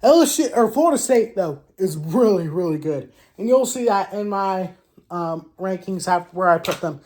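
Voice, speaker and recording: Woman, sports vlog host, animated trash talk, rhetorical questions, restarts herself. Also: mid-range voice, normal speed. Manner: frequent restarts and self-corrections. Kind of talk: casual sports commentary vlog.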